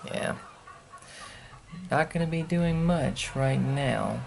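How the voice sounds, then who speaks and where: A man's voice: medium pitch, slow pace, gravelly, a little mellow, a little hiss or hum. A man chatting casually at home for his vlog, rambling and grumbling in an offhand way. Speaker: vlogger. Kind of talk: casual chat. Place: at home indoors.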